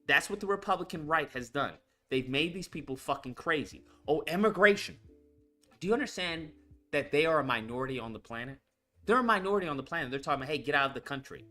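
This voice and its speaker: A man's voice: fairly high pitch, lively intonation, fast, sharp tone, faint music behind. A man hosting a casual commentary show, ranting bluntly and profanely, repeating himself for emphasis. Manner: blunt, profane, repetitive and heated. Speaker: commentary channel host. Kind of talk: casual political commentary rant.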